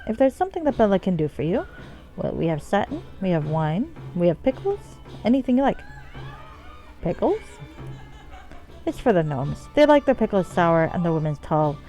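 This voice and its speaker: Reading game dialogue aloud, a woman plays a sultry, flirty brothel madam with a put-on accent she labels terrible, drawling endearments that swoop deeply down. She speaks at normal speed in a mellow voice with big pitch swings. Faint music sits behind the rough recording.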